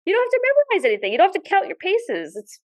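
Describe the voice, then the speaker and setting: A woman guest on a podcast, telling lively stories in casual chat with some mild swearing. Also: extremely high pitch, very fast, low-quality recording. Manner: animated storyteller, mild swearing. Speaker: podcast guest, dog sport competitor.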